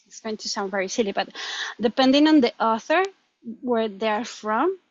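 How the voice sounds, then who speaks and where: Woman, Colombian accent, Spanish native speaker, animated interview chat, slightly high pitch, dull lo-fi sound. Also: moderate pace, no echo. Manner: animated, laughs often, restarts words. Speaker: guest. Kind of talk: conversational interview.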